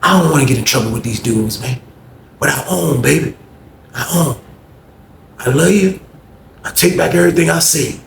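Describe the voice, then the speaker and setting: A man voicing a desperate male inmate in debt who talks low and pleads, recorded in an echoey room. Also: normal speed, vocal fry, long pauses, noisy background. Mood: pleading.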